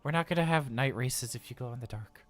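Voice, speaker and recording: A livestream role-player lightly acts a male robot daycare attendant who is nervous, cheerful, chatty, and flustered, rambling with stammers. His medium-pitched voice runs fast, and the recording has no room sound.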